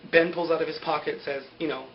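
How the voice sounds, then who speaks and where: A man's voice: a little high, fairly even intonation, fast talker, a little hiss or hum. Chatty young man, dull lo-fi recording. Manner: chatty, filler-heavy, often laughs at own jokes. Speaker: TV recap vlogger. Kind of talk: casual TV episode recap. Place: indoor greenscreen video setup.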